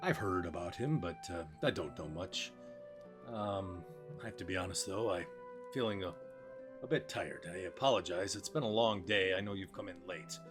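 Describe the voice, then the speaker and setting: A man voicing a flamboyant male showman, polite and courtly, weary after a long day, speaking in a low voice. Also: music in the background, lightly acted. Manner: polite and courtly, with many pauses.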